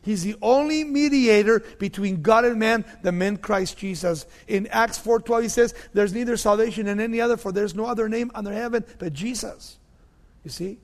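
A man preaching a sermon, emphatic, repeating key phrases and dropping to low, quiet tones. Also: moderate pace, big-room sound.

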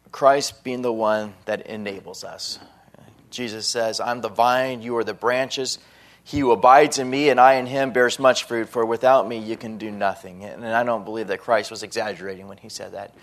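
A man preaching a sermon as pastor, earnest and repeating words as he starts phrases. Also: fairly low pitch.

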